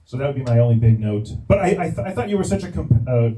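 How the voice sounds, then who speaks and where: A man's voice: mid-range voice, sing-song, fast talker, warm tone, far from the mic, slight background noise, poor audio. A man judging a comedy set, giving thoughtful, hesitant feedback full of fillers. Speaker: judge. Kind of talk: judge's feedback at comedy show. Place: comedy club.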